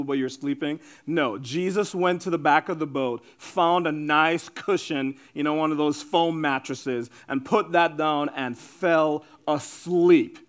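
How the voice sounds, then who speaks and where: A male pastor with a fairly high voice delivers a lively sermon. He talks casually, with slang and fillers, and shifts between loud, excited storytelling and soft, drawn-out emphasis.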